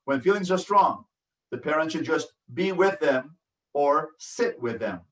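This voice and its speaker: A man's voice: fairly high pitch, expressive, a little slow, echoey room, recorded from a distance, low-quality recording. A man, a rabbi, teaching a parenting class over a video call, reading from a workbook and acting out sample phrases with feeling. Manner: earnest and instructive, acts out sample phrases with feeling. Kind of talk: online lecture reading from a workbook.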